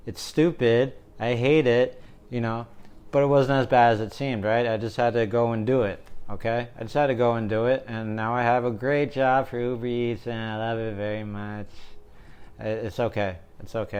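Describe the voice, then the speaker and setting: Casual male tarot reader, young, smooth resonant voice, jokey and digressive. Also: medium pitch, a little mellow. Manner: joking, rambling, keeps asking "right?".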